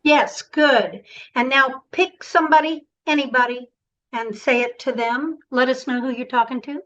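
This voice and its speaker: High-voiced woman coaching over a video call. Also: normal speed, highs cut off. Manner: encouraging, directive, animated. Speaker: voice and presentation coach. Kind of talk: online workshop coaching.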